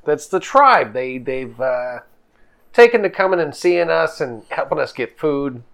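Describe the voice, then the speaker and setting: A man's voice: a little high, animated, unhurried, vocal fry, a bit bright, heavily acted. A man voicing a scatterbrained male professor in a tabletop game, rambling and stammering with hesitant fillers.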